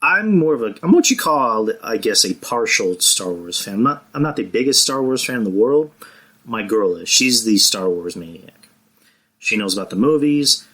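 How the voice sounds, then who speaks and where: Male podcast co-host, low bright tone, loose and rambling, swears casually. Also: very animated, normal speed, breathy edge.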